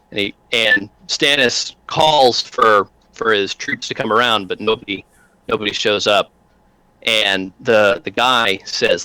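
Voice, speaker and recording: A man narrating a tabletop game as game master, halting with many fillers and restarts. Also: fairly low pitch, pushed and bright, no echo, poor audio.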